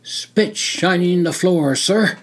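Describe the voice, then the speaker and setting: A man voicing an eager, kind young male army trainee who speaks softly. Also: fairly high pitch, expressive, a little slow, breathy edge, pitched above the performer's own voice. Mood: earnest. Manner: kind, soft-spoken.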